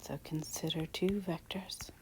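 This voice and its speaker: A woman teaching a math lesson, talking softly and half-whispered with a breathy voice while she writes. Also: deep voice, steady tone, measured pace, low-quality recording. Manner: soft, half-whispered explaining while writing. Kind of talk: recorded math lecture.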